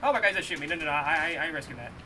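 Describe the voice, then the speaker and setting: A man streaming a shooter game, muttering commentary and swearing, with bursts of yelling. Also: lively intonation, racing, slight background noise. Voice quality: profane, yelling outbursts. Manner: muttering low, then shouting in frustration. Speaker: gamer streamer. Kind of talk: live gameplay commentary. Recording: game gunfire behind voice. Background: gunfire and game sounds.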